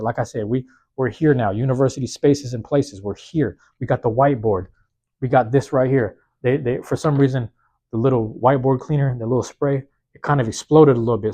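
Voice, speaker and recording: A man with an ordinary, mid-pitched voice gives a solo motivational talk for his podcast, loose and slangy, coming back to the same phrases again and again. His voice is a little hoarse. He speaks into a phone microphone in a small university back room. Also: darkish tone. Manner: casual slangy talk, repeats key phrases for emphasis. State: slightly hoarse. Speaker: podcast host. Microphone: plug-in microphone on a phone.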